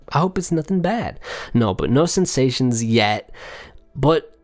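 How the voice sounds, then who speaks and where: A man's voice: mid-range voice, lively intonation, unhurried, darkish tone, soft background music. A man hosting a casual solo podcast, rambling and joking with plenty of profanity. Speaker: podcast host.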